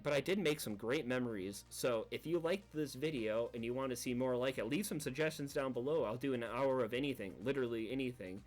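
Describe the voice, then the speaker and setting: A man giving casual, rambling commentary over his own gameplay video, laughing at his own panic and acting out quick asides. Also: medium pitch, faint music behind. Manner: rambling, self-deprecating, recounts panic with quoted asides. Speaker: gaming video creator.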